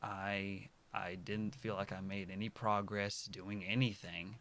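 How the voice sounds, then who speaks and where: A man in his early twenties talking casually to his viewers, rambling and correcting himself, dropping to soft mutters and then bursting out loud. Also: lowish voice, flat delivery, a little slow, slight background noise. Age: early 20s. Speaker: vlogger. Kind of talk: casual personal monologue to camera.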